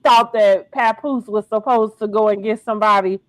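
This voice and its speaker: A middle-aged woman hosting a casual podcast chat, animated and slangy, laughing often. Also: medium pitch, normal speed, no echo, low-quality recording. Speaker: podcast host. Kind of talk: casual reality-TV recap chat.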